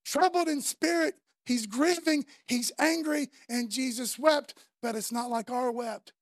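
A woman's voice: high-pitched, unhurried, no echo. A woman preacher delivering a fervent, conversational sermon full of casual slang.

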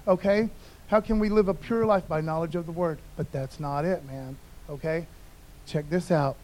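A man's voice: high-pitched, moderate pace, darkish tone. A male pastor preaching a casual, conversational sermon, often saying "man" and calling for amens.

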